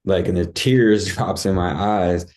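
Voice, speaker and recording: A man with a fairly low, warm, relaxed voice tells a personal story as a podcast guest. He speaks casually and vividly, acting out his own cries as he goes. His talk is full of "like" and "dude.". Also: unhurried.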